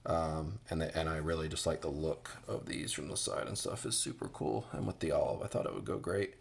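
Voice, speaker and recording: A man's voice: a bass voice, fairly quick, creaky. An American man giving a casual boot review, rambling with many fillers and restarts.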